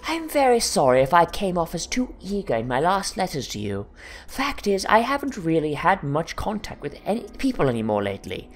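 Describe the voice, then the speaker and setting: A man's voice: on the high side, huge pitch swings, fairly quick, heavily acted. A man voicing a shy, polite young woman who writes formal, apologetic letters in a video game.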